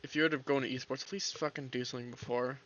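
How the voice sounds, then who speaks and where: A hoarse man from Canada, streaming while reading a visual novel aloud, casual, joking and swearing. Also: medium pitch, steady tone, very fast, a bit bright. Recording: dull lo-fi.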